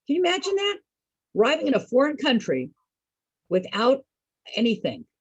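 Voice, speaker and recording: A woman tells a personal story with real animation, her voice leaping up and down as she laughs and asks her listeners questions. Her tone is a little husky, set fairly high, and sounds close and dry with no room echo. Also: huge pitch swings, moderate pace, dull audio. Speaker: entertainer for program participants.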